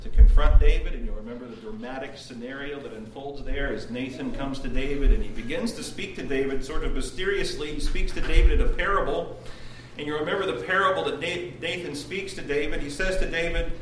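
A man preaching a devotional sermon at a prayer meeting, retelling with earnest emphasis and swings in loudness. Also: a little high, brisk, few pauses. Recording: roomy distant recording with background noise.

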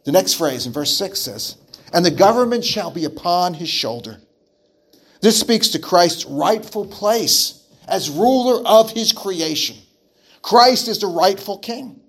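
Pastor type, male, fairly high-pitched, earnest preaching delivery. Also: lively intonation, measured pace, fairly bright tone, breathy edge. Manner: earnest preaching with repetitions and restarts. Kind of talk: sermon.

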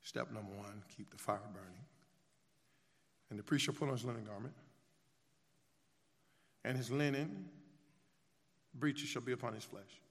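A man with a mid-range voice preaches a sermon at a moderate pace, pausing often as he reads scripture aloud and calls on the congregation to answer and repeat after him. He uses call-and-response and rhetorical questions. The sound carries the long reverb of a church sanctuary.

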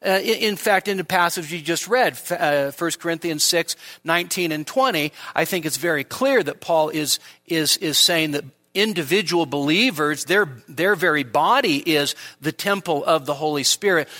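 A man preaching an expository sermon to his congregation at a church service, asking rhetorical questions, stressing key words and dropping into quiet asides. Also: on the high side, moderate pace, hardly any pauses.

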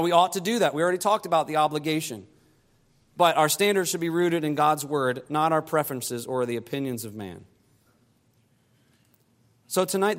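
A pastor preaching a sermon, climbing higher and louder to press his points and dropping soft and low to close them. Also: in a large hall.

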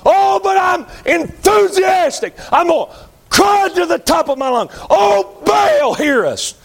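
A man voicing a zealous male pagan worshipper who pleads in shrill, wailing cries. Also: animated, a little slow, gravelly, shouting, exaggerated voice. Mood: frantic.

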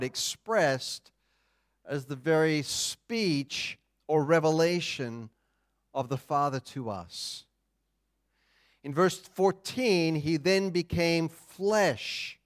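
A man delivers a sermon in a slow, measured way. His voice sits a little high, and he leans on key words with deliberate pauses, like a teaching pastor.

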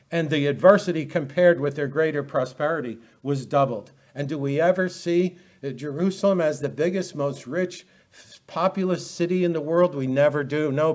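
A man preaching an expository Bible sermon, animated and full of rhetorical questions. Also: fairly high pitch. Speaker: pastor.

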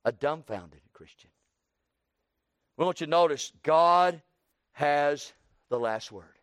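A man preaching a sermon, building to loud emphatic runs and dropping low, with folksy plain phrasing. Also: takes it slowly, clear, resonant tone, no echo, studio quality. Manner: preaching with swelling emphasis and sudden drops.

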